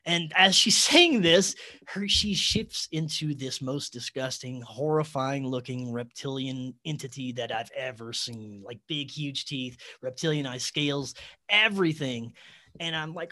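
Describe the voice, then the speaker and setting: A man, a podcast guest, telling a personal story in an excitable way, with sudden jumps in loudness. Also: mid-range voice, normal speed.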